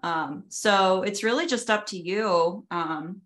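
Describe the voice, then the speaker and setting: A woman life coach speaking in an encouraging, affirming, soft-spoken way on a video call. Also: mid-range voice, slow. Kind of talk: coaching session.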